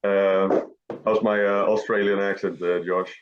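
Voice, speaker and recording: Brief: low-pitched male podcast host, hesitant and playful, muffled lo-fi sound. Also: little pitch movement, measured pace, slight background noise. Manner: hesitant, many fillers, playful. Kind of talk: casual chat. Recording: roomy, dull lo-fi sound.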